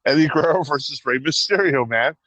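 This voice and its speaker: A man co-hosts a casual podcast, animatedly telling stories and acting out voices along the way. His voice is a little high and a little fast, and the audio quality is poor.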